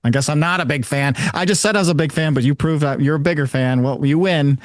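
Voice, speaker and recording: A man's voice: on the high side, quick pace, dry recording, clean studio sound. Laid-back man chatting on a podcast. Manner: laid-back, acts out little quoted exchanges. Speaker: podcast co-host. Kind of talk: casual chat.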